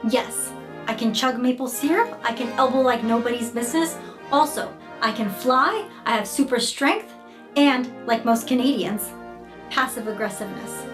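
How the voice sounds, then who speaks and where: A woman's voice: a little high, normal speed, over music, natural voice. A woman playing a proud, earnest superhero who declaims her titles in a comedy skit. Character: proud new Canadian superhero.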